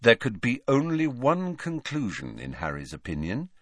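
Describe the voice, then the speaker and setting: A man reading an audiobook narration in a measured, expressive way, close to the mic. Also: mid-range voice, dry recording. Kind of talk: scripted narration.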